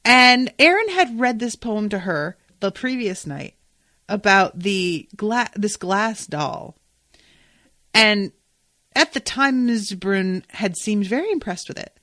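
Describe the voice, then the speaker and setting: A woman hosts a casual podcast and recaps a TV episode with a chatty, gushing enthusiasm, dropping swear words as she goes. Her voice sits at a medium pitch. It is recorded close to the mic in a dry space with no room echo. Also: lively intonation, slow, pushed and bright. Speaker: podcast host.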